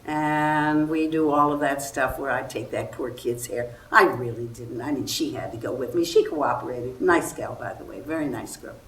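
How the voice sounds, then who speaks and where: A low-voiced older woman tells stories before an audience, acting out everyone she quotes. She is picked up from far off in a roomy hall with a faint hiss behind her. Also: moderate pace, few pauses. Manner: animated storytelling, acts out quoted voices. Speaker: guest actress. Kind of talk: anecdotal festival talk.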